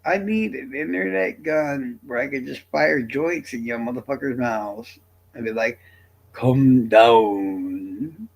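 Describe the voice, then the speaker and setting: Gravelly, blunt live-streamer man. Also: mid-range voice, normal speed, a bit bright, low-quality recording. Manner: blunt, exasperated, profane. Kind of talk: casual live-stream chat.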